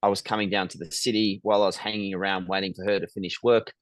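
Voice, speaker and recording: Low-voiced reflective middle-aged man. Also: flat delivery, fast talker, dry recording. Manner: reflective, frequent ums and restarts. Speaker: guest, business founder. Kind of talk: conversational interview storytelling.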